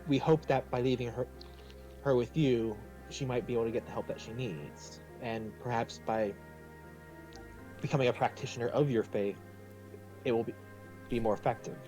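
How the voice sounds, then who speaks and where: A man's voice: mid-range voice, steady tone, normal speed, long pauses, warm tone, faint music behind, pitched below the performer's own voice, close to an everyday voice, poor audio. A man voicing an earnest horned heroine. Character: earnest horned female character pleading for help.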